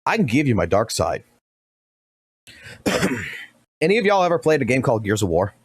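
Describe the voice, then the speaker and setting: Loud swearing streamer guy, super animated voice, dry mic close up. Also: mid-range voice, normal speed, breathy edge, no room sound. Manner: profane, blunt, animated. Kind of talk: stream commentary.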